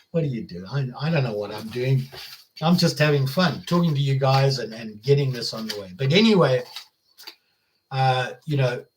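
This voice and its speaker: A man's voice: mid-range voice, normal speed, pauses often, slight background noise. An older man with an American Midwestern accent, chatting casually on a live stream as the channel host, rambling with fillers and restarts.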